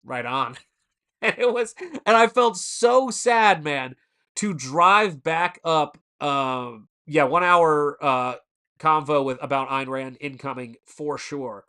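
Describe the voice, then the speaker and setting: A man's voice: fairly high pitch, slow, sharp tone, clean tone. A man in his forties hosting a casual live stream, telling rambling stories and stopping to answer the chat. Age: 40s. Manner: rambling storyteller who answers chat mid-story.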